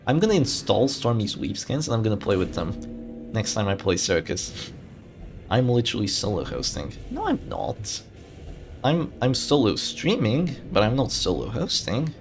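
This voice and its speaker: A man commentates a live game tournament on his stream, talking casually and thinking aloud. His voice sits low but moves a lot, rising and dipping as he reacts. Faint game music plays underneath him. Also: normal speed, vocal fry. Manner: animated, chatty, thinking aloud with frequent restarts.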